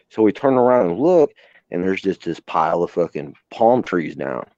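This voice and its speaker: A man's voice: deep voice, lively intonation, normal speed, warm tone, no echo, muffled recording. A man, a host and former emergency responder, telling stories in casual live-stream chat, plainspoken and swearing freely. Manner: plainspoken, swears freely, acts out quoted voices.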